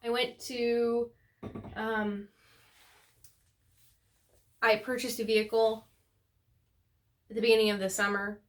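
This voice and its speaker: A woman's voice: a little high, level tone, takes it slowly, long pauses. Chatty rambling woman knitting vlogger. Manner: rambling, self-correcting, lots of fillers. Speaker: knitting podcast host. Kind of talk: casual chat to camera.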